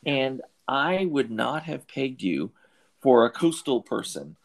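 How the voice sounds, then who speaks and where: A middle-aged Southern California man hosts a podcast interview, rambling conversationally with many restarts and fillers. His medium-pitched voice is very animated, though he takes things slowly.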